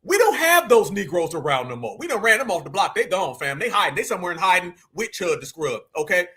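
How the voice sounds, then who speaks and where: An American man hosting a livestream speaks fast in a high, bright, husky voice with a forceful, expressive tone. His commentary is emphatic and repetitive, and he preaches directly to his audience, calling them "fam."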